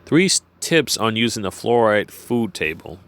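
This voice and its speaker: A man with a lowish voice reads numbers off a page in a plain, steady way. When he drifts off the text, he rambles and restarts, with plenty of "uh" and "you know" along the way. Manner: halting, many fillers and restarts when off script. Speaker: vlogger. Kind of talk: reading from a page and musing aloud.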